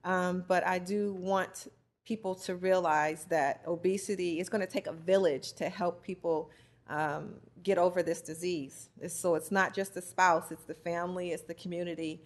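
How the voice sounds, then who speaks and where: A woman from the United States sharing her experience as a spouse, earnest and halting with many restarts. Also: lowish voice, fairly even intonation. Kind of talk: heartfelt personal testimony.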